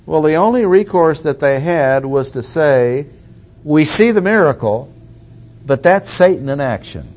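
A man preaching an expository sermon, reading verses aloud and repeating key points with deliberate emphasis. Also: mid-range voice, a little mellow.

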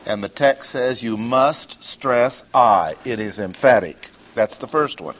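A man teaching a Bible lesson in a deliberate, explanatory way, repeating his key points, on a dull lo-fi recording. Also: medium pitch, expressive.

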